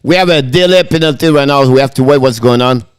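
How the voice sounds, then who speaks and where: Guy doing hockey play-by-play on his stream, laughs a lot, clean smooth voice, dry close mic. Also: mid-range voice, fast, no echo. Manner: excitable, laughs often, broken English phrasing. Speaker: live-stream hockey host. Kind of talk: live play-by-play commentary.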